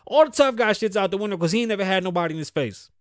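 A middle-aged man hosting a podcast, ranting bluntly with constant cursing, swinging from loud outbursts to low mutters. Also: expressive, very fast, no room sound, studio quality. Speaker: podcast host. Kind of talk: profane opinion rant.

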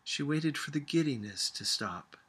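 A man reading a novel aloud for a class, unhurried and measured. His voice is bright and a little breathy, with lively rises and falls in pitch as he tells the story. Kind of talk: audiobook-style reading aloud.

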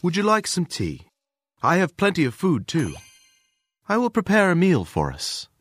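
A woman voicing an old male priest with a lowered, soft-spoken voice in a storybook reading. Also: wildly swooping pitch, moderate pace, breathy edge, dry recording, faint music behind, full character voice. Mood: friendly.

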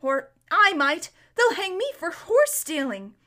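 A woman voicing a frightened young boy on the run in a storybook reading, breathless, high and anxious. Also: sing-song, slow pace, pushed and bright, exaggerated voice. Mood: pleading.

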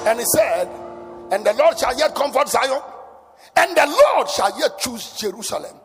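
A man preaching an impassioned sermon, shouting and chanting his points in a large church hall. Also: very high voice, very animated, normal speed. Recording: echoey hall with faint music.

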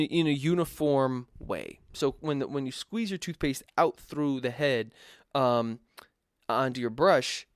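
A music producer answers viewer questions in a loose, chatty tutorial Q&A, full of fillers and restarts. His voice is medium-pitched, and the recording is dry with clean studio sound.

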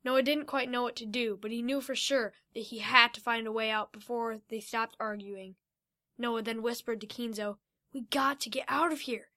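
A woman's voice: a little high, fairly even intonation, moderate pace, bright, forceful tone. A woman reading a fantasy adventure story aloud, giving the characters light voices.

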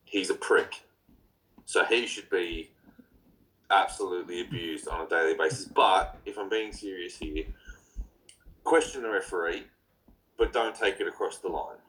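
Aussie bloke hosting a podcast, really low voice, blunt and laid-back, swears a bit. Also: male voice, normal speed, long pauses, fairly bright tone, rough recording. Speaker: podcast host. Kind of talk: casual podcast chat.

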